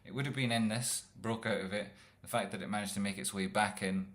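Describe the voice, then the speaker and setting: A man's voice: lowish voice, fairly even intonation, fast talker, fairly bright tone. A man streaming live chart analysis, rambling and jokey with some profanity. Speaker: trading streamer.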